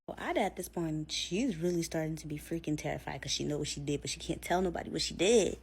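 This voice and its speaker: A woman's voice: low voice, fast, creaky, hardly any pauses, a little mellow, slight background noise. Chatty woman telling a scary story. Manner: chatty, filler-heavy, acts out quotes. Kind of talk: casual storytime narration.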